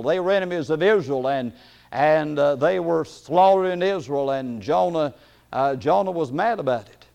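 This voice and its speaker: A man with a slightly high voice preaches a folksy sermon, chuckling often and hesitating with fillers. Then he rises into loud, emphatic bursts.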